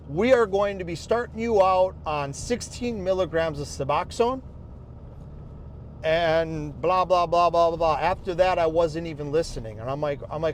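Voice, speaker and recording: A man's voice: a little high, a little mellow, a little hiss or hum. A man telling his own story to camera in a casual, heated monologue, swearing a lot. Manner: angry, heavy swearing, quoting others in his own voice. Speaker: vlogger recounting his rehab experience.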